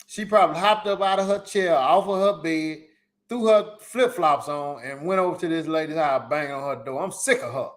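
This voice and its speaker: Hosting a solo live podcast, a man gives emphatic, repetitive advice in casual slang as live-stream commentary. His voice is on the high side, at a moderate pace.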